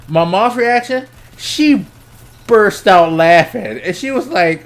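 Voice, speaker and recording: A young adult man streaming, telling a story casually, swearing freely and laughing as he goes, his voice jumping up when he gets excited. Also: high-pitched, normal speed. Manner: laughs between lines.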